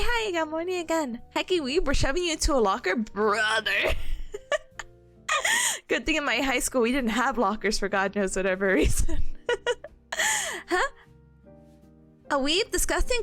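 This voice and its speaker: A woman's voice: high-pitched, fairly bright tone. A young woman streaming and chatting casually with her viewers, bubbly and giggly, with a lot of laughter and playful complaining.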